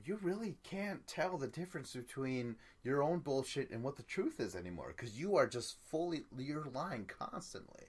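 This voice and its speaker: A man's voice: mid-range voice, big pitch swings, moderate pace, few pauses, breathy edge. A man co-hosting a podcast, chatting casually about a reality show, rambling, repeating himself and cursing. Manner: loose and rambling, repeats words, curses. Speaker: podcast co-host. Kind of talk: casual reality-TV recap chat.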